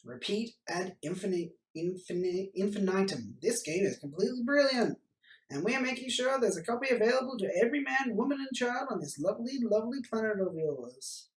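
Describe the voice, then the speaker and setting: Guy doing a pompous alien ambassador, high booming voice, far from the mic. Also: animated, a little fast, echoey room. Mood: grandiose. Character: grand male alien envoy, pompous and salesy.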